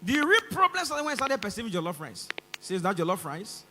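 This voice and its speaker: Stand-up comic, Nigerian man, Nigerian accent, high-pitched and piercingly bright, live mic with faint hum. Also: big pitch swings, fast talker, long reverb tail. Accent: Nigerian English. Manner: acts out both sides of the dialogue, rising to shouts. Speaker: stand-up comedian. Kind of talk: stand-up comedy. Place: large concert stage.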